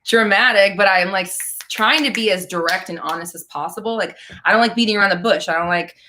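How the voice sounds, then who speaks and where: A woman's voice: medium pitch, fast, noisy background. A woman coaching on a live stream, chatty and blunt, swearing freely and laughing between comments. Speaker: manifestation coach hosting a live Q&A. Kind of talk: casual live-stream chat.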